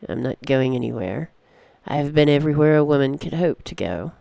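A narrator voices a calm, mysterious old woman who has travelled space, speaking unhurriedly and cryptically. The voice is mid-range with vocal fry and no room sound.

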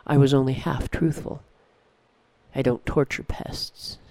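A narrator voicing a scowling, bragging, middle-aged male pest controller who speaks low and dry. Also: fairly even intonation, unhurried, a little mellow, no echo, natural voice. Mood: wry. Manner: dry, wry, low-voiced.

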